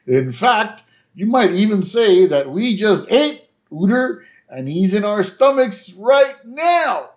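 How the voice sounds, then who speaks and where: A sinister, fussy school principal, as a man puts him on, raised in pitch and sly. He lingers on his words with pompous relish. His voice rises and falls a lot. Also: a little mellow.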